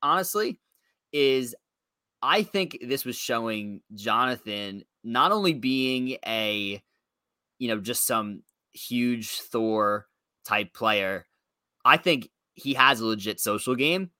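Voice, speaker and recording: A man's voice: mid-range voice, expressive, slow, sharp tone, clean tone, no room sound. A man co-hosting a recap podcast, recounting events in a conversational way with fillers. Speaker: podcast co-host. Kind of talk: casual chat.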